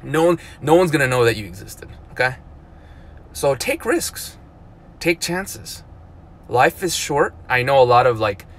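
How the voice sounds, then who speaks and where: A man in his thirties talking casually on a live stream, animated and full of "dude" and "like", with loud outbursts and mumbled asides. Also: medium pitch. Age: 30s. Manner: lots of "like" and "dude", repeats himself. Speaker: vlogger.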